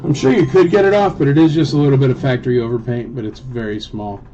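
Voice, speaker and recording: A live auction host with a medium-pitched, steady voice runs a casual toy sale on stream at a quick clip. He chats and jokes with bidders, calling them by name, while loud music sits in the dull, lo-fi mix.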